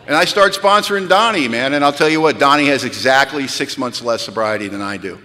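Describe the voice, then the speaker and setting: A man in his fifties telling his recovery story as a retreat speaker, with animated, self-deprecating humor and a habit of saying "man.". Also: medium pitch, brisk, few pauses, a little hiss or hum. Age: 50s. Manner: peppers speech with "man". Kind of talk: storytelling talk. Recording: echoey hall with long reverb.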